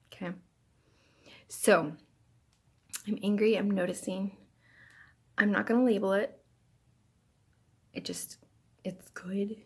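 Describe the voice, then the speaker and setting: A woman speaking as a self-help speaker in a casual personal talk, earnest, often dropping into soft near-whispers. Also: mid-range voice, husky.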